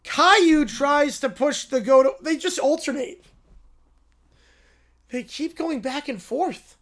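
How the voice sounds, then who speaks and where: A high-pitched man hosting a loose, chatty livestream. He reads viewer prompts aloud and breaks in with amused, sarcastic asides. His delivery is casual and quick-witted. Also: lively intonation, fairly bright tone. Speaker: livestream host. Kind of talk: casual livestream reaction chat.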